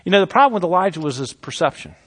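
Man preaching with dramatic hushed swings. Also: high-pitched, animated, very fast. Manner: dramatic scripture reading, swings from loud to hushed. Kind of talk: sermon.

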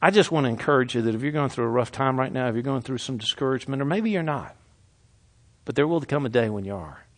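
A man preaching a sermon, reading scripture dramatically and dropping from loud declarations to hushed, slow words. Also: mid-range voice, lively intonation.

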